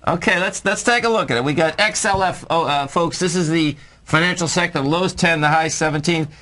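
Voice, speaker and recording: A man's voice: fairly high pitch, bright, forceful tone. A man co-hosting a market show, taking callers and talking through charts in an upbeat, chummy way. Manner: upbeat, chummy, quick chatter. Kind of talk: casual chart talk taking calls.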